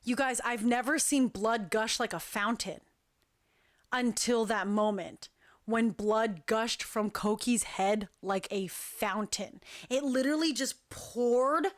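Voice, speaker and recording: High voiced woman, dance crew director, chatty storyteller, says "like" a lot. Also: takes it slowly. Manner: animated, chatty, lots of "like" fillers. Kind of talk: casual storytelling.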